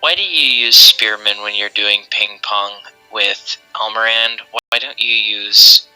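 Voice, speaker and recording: A man's voice: fairly low pitch, a little slow, sharp tone, soft background music, rough recording. A man from the Boston area chatting casually, with a dry, explanatory and teasing manner. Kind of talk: casual chat.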